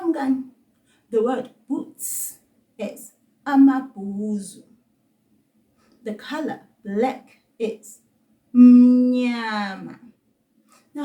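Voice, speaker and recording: A woman with a South African accent teaches a children's language lesson, patient and encouraging, saying words slowly so the kids can repeat them. Her voice is fairly high and warm. The sound is roomy and was recorded from a distance.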